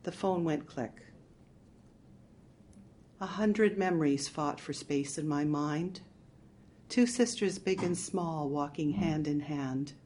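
Female audiobook narrator, lowish voice, measured first-person telling. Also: warm tone.

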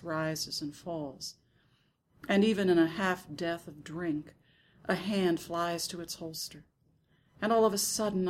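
A woman narrating a first-person literary story in a soft, hushed, intimate reading. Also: fairly low pitch. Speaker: audiobook narrator.

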